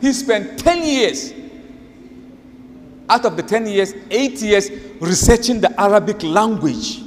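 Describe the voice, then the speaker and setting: Animated male lecturer in a reverberant hall. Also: high-pitched. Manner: animated storytelling, emphatic, repeats for emphasis. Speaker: Islamic lecturer. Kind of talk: religious lecture. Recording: reverberant hall, faint noise.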